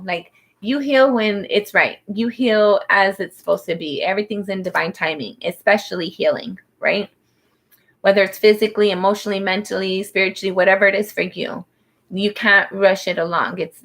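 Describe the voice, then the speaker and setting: A woman reading tarot cards in a loose, rambling way, often circling back to calm the listener. Her pitch sits in an ordinary middle range for a woman. She talks with many "like" fillers and a soothing, reassuring manner. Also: normal speed, gravelly. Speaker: tarot reader. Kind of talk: casual spoken tarot reading.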